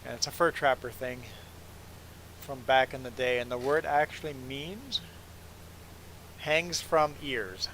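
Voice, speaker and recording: A man's voice: mid-range voice, slow pace, long pauses, fairly bright tone, a little hiss or hum, rough recording. A man whose first language is not English, streaming a farming game and chatting casually and rambling to viewers. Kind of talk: casual chat while gaming.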